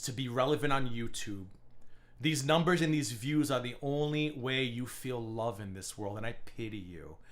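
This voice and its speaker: A man's voice: medium pitch, fairly bright tone. A male livestream host delivering a profane, taunting rant at someone.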